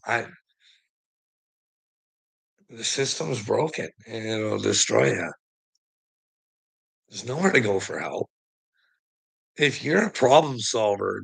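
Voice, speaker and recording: Gravelly man, profane and rambling. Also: lowish voice, fairly bright tone, rough recording. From Canada. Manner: profane, rambling, laughing between sentences. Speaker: livestreamer talking to chat. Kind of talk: rambling livestream monologue.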